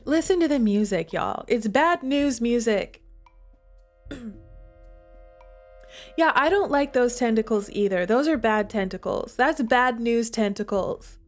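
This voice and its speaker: A woman streamer reading a dark visual novel aloud, chatty and dramatic between lines. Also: fairly high pitch, a little slow, pauses often, faint music behind. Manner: chatty, animated, dramatic narration. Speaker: game streamer.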